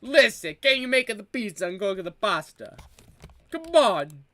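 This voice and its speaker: A man's voice: high-pitched, sing-song, measured pace, bright, forceful tone, full character voice. A man putting on a whiny mock-Italian guy. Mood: pleading. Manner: mock Italian accent with broken grammar. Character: exaggerated stereotype young Italian man, whiny, defensive.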